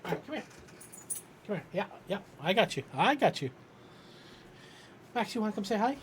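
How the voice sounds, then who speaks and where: A man's voice: high voice, big pitch swings, normal speed, background noise. A man streaming live, chatting casually, joking, swearing and talking to his dog. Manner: playful, swears a lot, talks to his dog.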